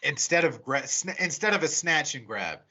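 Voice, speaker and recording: A man co-hosting a podcast, recapping a horror movie scene by scene in a casual, profane, animated way. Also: on the high side, normal speed. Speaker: podcast co-host. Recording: muffled lo-fi audio.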